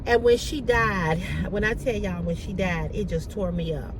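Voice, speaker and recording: A woman with an ordinary mid-range voice tells a personal story with animated emphasis, often repeating her key lines. The recording carries clear vehicle noise underneath. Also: medium pitch, moderate pace. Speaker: vlogger.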